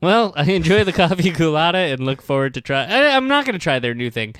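A man's voice: a little high, sing-song, fast talker, fairly bright tone, clear, resonant tone, no room sound. A man co-hosting a comedy podcast, talking in a wry, profane, rambling way. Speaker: podcast co-host. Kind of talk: casual comedic chat.

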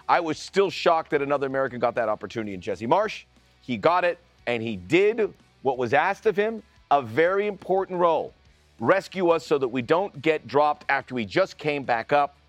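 A man co-hosting a studio sports podcast, talking with enthusiasm and a lively, swooping delivery. His voice sits a little high and sounds close and dry, with faint music underneath. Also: moderate pace, dry recording. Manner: enthusiastic, expressive storytelling. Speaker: co-host, broadcaster. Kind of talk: casual studio podcast chat.

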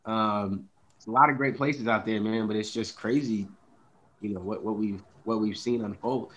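A man's voice: fairly low pitch, steady tone, normal speed, a bit bright, muffled recording. A man speaking in a casual, heated podcast chat, profane and rambling with lots of fillers. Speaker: podcast co-host.

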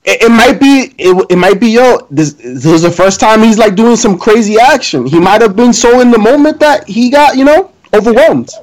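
A man's voice: high-pitched, expressive, moderate pace, few pauses, rough recording. A man co-hosting a wrestling podcast, chatting casually and joking with many restarts. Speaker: podcast co-host.

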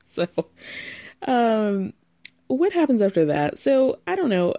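A woman's voice: medium pitch, lively intonation, measured pace, long pauses, mellow. A young woman recapping a reality TV show in a chatty, sarcastic way, laughing often at the drama. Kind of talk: casual recap commentary.

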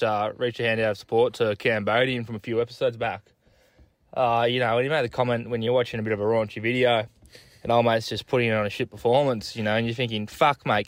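Man, Australian accent, caller, crude joke-telling, constant swearing, laid-back, mid pitch, dry close sound. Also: no room sound.

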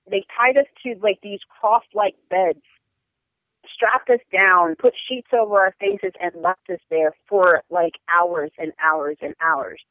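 A young woman speaking frankly and earnestly as a podcast guest, her talk full of "like" and "um". Her voice comes through a tinny, narrow phone line. The sound is dry and close, with no room echo. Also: mid-range voice. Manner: earnest, frank, many fillers like "like" and "um". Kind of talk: personal storytelling interview. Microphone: phone or call line.

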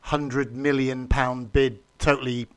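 A man on a football podcast panel, full of teasing banter and animated jabs at the host. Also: medium pitch, slow, clean tone. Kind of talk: casual football podcast chat.

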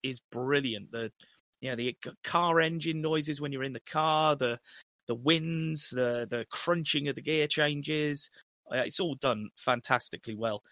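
A young man chatting casually on a film podcast, sweary and animated, breaking into laughs as he goes. His voice is bright and forceful. The sound is dry and close. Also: a little high, a little slow, dry recording. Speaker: podcast co-host.

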